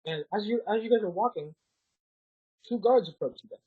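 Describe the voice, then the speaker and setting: Young man, dungeon master, husky, rambling with fillers, lo-fi sound. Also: high voice, expressive, fairly quick. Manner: rambling narration with many fillers. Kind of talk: narrating a tabletop game. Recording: dull lo-fi podcast audio.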